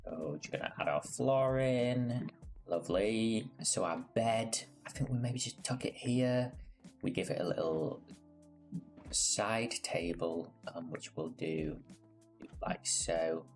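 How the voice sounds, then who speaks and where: A man's voice: on the low side, animated, slow pace, a little mellow, faint music behind. A man giving casual gameplay commentary as a gaming creator, playful, rambling and self-mocking.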